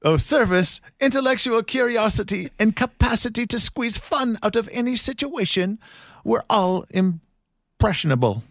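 A man doing a stiff old queen in falsetto. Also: animated, dry recording, studio quality. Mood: solemn. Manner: slow, strained falsetto put-on. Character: elderly queen, stiff and solemn.

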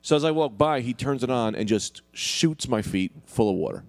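A man telling a story in casual podcast chat, brash and animated. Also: medium pitch, normal speed, dry recording. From New York. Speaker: podcast co-host.

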